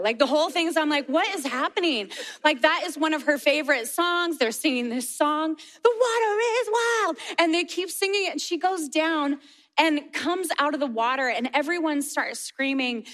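A woman in her forties preaching a sermon and telling a family story in an animated way, laughing often. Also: high-pitched. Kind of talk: sermon testimony.

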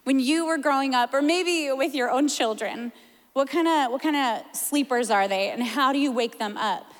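High-voiced woman preaching in a hall. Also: moderate pace. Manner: animated, playful, tearful at times. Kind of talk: sermon.

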